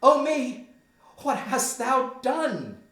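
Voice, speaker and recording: A shrill queen cries out in a high falsetto, as a man puts her on in a read-through. Her lines are raised and pleading, and she sounds loud and alarmed. The room around her is echoey. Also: wildly swooping pitch, measured pace, heavily acted. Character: anxious middle-aged queen, a woman.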